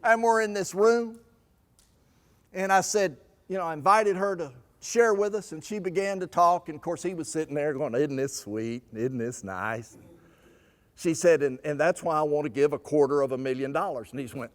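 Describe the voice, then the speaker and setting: A man's voice: a little high, a little fast. A man presenting a stewardship seminar, telling anecdotes and acting out the people in them. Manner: lively storyteller acting out quoted people. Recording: long hall reverb.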